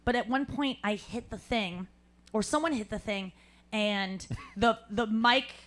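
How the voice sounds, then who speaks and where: A woman hosting a live podcast, telling an animated story and acting out other people's lines, laughing often. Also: a little high, unhurried. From St. Louis. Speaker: podcast host. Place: live show at a cafe.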